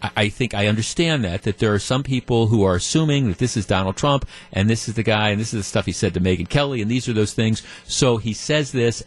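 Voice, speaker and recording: A man hosting a talk radio show, talking through his opinions in a conversational way, with frequent restarts and repeated words. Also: mid-range voice. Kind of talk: talk radio commentary with callers. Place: radio studio.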